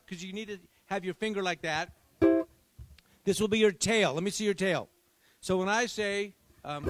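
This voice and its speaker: A man who writes children's books, giving playful, coaxing instructions to a young audience at a live library event. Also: sits high. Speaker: children's author and performer.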